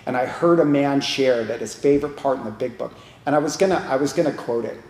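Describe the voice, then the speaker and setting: A man's voice: mid-range voice, fast talker, darkish tone, roomy sound. Man sharing candidly at a support meeting. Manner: candid, rambling, emotional, with restarts. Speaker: recovery meeting speaker. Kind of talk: personal share at a support group meeting. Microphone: online video call.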